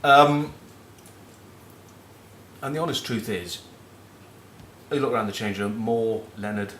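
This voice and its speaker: Slow and fairly low-pitched with a slightly bright tone, a middle-aged man from northern England with a Northern English accent rambles through casual rugby chat. A former captain, he shares cheeky, sweary match talk and anecdotes. The sound is roomy, with a little hiss or hum.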